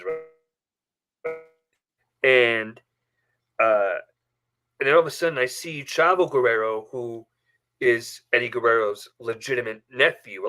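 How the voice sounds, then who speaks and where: A man's voice: mid-range voice, bright, forceful tone. A man hosting a casual live stream from his bedroom, telling a story with many fillers and restarts. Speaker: host. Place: bedroom at home.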